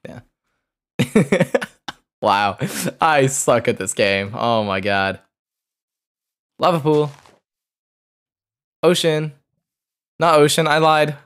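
A man streaming a game live, talking to himself in an excitable way, repeating phrases and swearing as he plays. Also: medium pitch. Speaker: gaming streamer. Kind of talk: live gameplay commentary.

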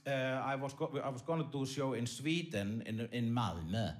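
Speaking at a normal speed in a mid-range voice, this comedian performs stand-up in a theater. His delivery is deadpan and meandering, riddled with fillers and false starts.

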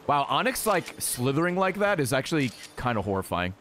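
Excitable swearing man, lively voice. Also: mid-range voice, a little fast, a little hiss or hum. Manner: excitable, swears freely, yells at game creatures. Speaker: gaming streamer. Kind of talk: casual let's-play commentary.

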